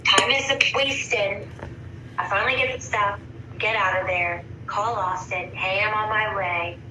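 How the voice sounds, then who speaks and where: Her mid-range voice fairly even and at normal speed, a thirtysomething counseling client rambles frankly about her life, cursing freely. A distant mic captures the echoey room and some faint noise.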